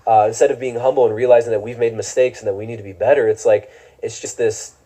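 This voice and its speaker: Dark-voiced earnest lecturing man. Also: medium pitch, steady tone, quick pace. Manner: earnest, lecturing, many fillers. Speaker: podcast guest. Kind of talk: played clip of a conversation.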